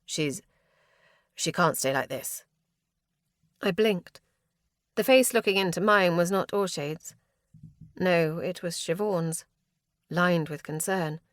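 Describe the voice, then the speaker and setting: A woman's voice: lowish voice, slow, pauses often, no room sound, clean studio sound. A woman reading a first-person fantasy audiobook with a tense, dramatic delivery. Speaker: audiobook narrator.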